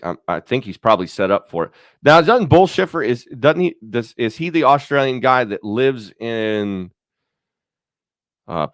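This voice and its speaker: A man hosts his own YouTube channel, rambling and swearing as he thinks aloud in a casual chat. His fairly low voice comes through a dry recording with clean studio sound.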